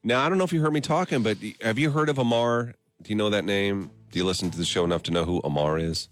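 A man's voice: lowish voice, fast talker, soft background music. A man hosting a podcast, teasing a guest and running a guessing game in casual chat. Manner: playful, teasing, leads the questions. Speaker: host.

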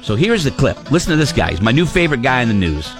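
A man's voice: medium pitch, very animated, quick pace, faint music behind. A man hosting a radio morning show, chatting playfully and joking with co-hosts. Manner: playful, joking, with many fillers and laughs. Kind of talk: casual chat.

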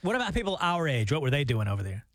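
High-pitched man with lively quips. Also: rapid-fire, no echo, clean studio sound. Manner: short wry questions and quips. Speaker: radio show co-host. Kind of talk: casual chat.

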